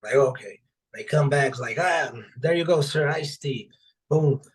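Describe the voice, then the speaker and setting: Animated, cursing man telling work stories. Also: medium pitch, measured pace. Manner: animated, profane, acts out quoted dialogue. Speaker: podcast guest, author. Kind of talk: casual storytelling in conversation.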